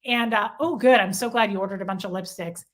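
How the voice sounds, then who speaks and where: A woman's voice: mid-range voice, fast talker. A woman hosting a livestream, chatting casually and gushing as she reads out viewer comments. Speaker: livestream host.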